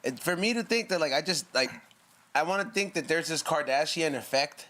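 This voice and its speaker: Bright, high-voiced man telling stories. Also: fairly quick. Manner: animated storyteller, lots of fillers and restarts. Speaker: podcast co-host. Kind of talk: casual chat.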